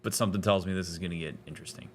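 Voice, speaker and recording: A therapist giving let's-play commentary in a reflective, analytical way, with casual fillers. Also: male voice, deep voice, steady tone, rapid-fire. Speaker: therapist playing a game.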